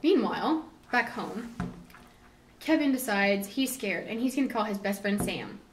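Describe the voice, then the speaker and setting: A woman's voice: mid-range voice, animated, a little slow. A teenage girl casually retelling a novel's plot, slipping into quoted voices. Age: teens. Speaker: student storyteller. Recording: distant mic with background noise.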